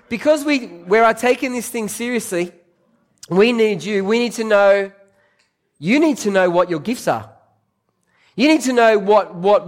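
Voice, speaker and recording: An Australian man preaching a sermon to his church, telling personal stories and repeating key phrases for emphasis. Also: high voice. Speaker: pastor. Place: church service.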